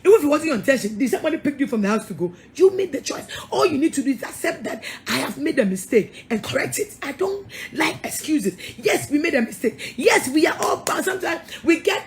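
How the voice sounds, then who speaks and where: A woman's voice: high-pitched, sing-song, fairly quick, hardly any pauses. A middle-aged woman pastor with a Ghanaian English accent, giving an emphatic, scolding sermon-style talk with frequent laughs and repeated words.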